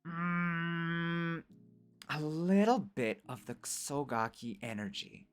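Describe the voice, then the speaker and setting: Animated rambling male streamer. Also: medium pitch, moderate pace, faint music behind. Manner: animated, rambling, full of "right?" and "like". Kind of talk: improvised storytelling to chat.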